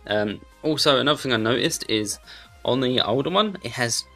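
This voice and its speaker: A man's voice: medium pitch, expressive, moderate pace, fairly bright tone, faint music behind. A man chatting casually and irreverently while unboxing gear in a bedroom at home. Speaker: hardware reviewer. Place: bedroom at home under a studio light.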